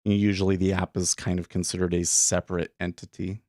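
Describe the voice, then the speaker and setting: A man's voice: sits low, level tone, a little fast, a little mellow, dry recording, studio quality. A man hosting a day trading livestream, talking casually and rambling with lots of fillers and restarts. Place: home studio room.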